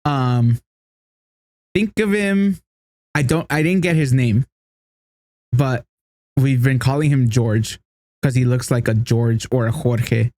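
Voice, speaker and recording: A man co-hosting a casual podcast, telling a story with lots of laughter and acted-out quotes in a higher voice. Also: slow pace, pauses often, darkish tone, no room sound. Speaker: podcast co-host.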